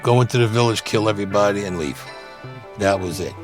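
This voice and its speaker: A man's voice: fairly low pitch, fairly quick, music in the background. A man, telling his war stories bluntly in an interview and acting out the dialogue. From Brooklyn, New York. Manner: gruff, blunt street talk, acts out dialogue. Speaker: interviewee, Vietnam veteran. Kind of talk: storytelling interview.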